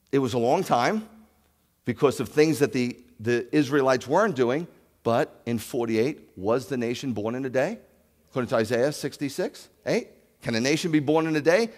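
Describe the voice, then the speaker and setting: A man preaching a sermon as a rabbi, animated, with rhetorical questions and loud scripture reading. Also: on the high side, big-room sound. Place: congregation sanctuary.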